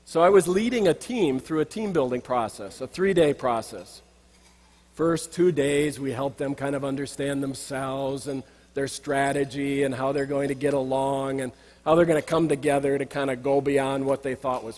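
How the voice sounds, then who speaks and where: A man's voice: medium pitch, a little mellow. A middle-aged man and executive coach giving a reflective, anecdotal banquet speech while pointing out slides. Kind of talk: storytelling speech. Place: banquet hall. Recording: long reverb of a banquet hall.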